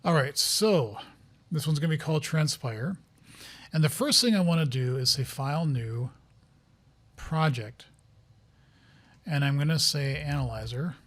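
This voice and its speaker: A man's voice: on the high side, unhurried, pauses often, a bit bright. Man thinking aloud while coding. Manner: rambling, easily flustered, thinks aloud. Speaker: software developer streaming a coding session. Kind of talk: casual live-coding commentary.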